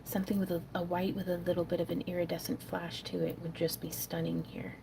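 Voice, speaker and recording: A middle-aged woman hosting a crafting livestream, chatting casually and muttering soft asides to herself while she works. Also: lowish voice, flat delivery, fast, vocal fry, background noise.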